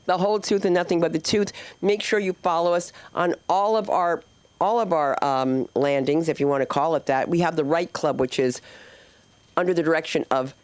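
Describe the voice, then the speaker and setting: A woman's voice: deep voice, a little mellow, clear, resonant tone, no room sound. A woman from New Jersey hosting a comedy club open mic, talking to the crowd in a brash, rambling, jokey way. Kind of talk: live stand-up hosting, chatting with the crowd.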